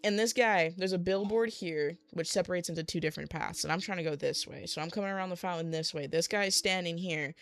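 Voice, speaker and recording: While crafting on a livestream, a young adult vents through a long, rambling story, acting out other people's quotes in exasperation. The voice is medium-pitched, moderately paced and a bit bright, with no echo and faint background music.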